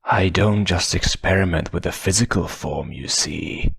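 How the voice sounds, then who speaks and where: Play as a man reading aloud, a cruel armored villain who savors every word. Keep it low, slow and half-whispered, with a mocking sing-song lilt. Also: creaky, a bit bright, exaggerated voice. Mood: menacing. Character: menacing armored male villain, gloating, cruel.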